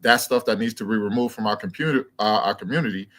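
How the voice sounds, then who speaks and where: A man speaking as a guest on a livestream, talking in a measured way and leaning on frequent fillers. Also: fairly low pitch, a bit bright. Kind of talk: casual discussion.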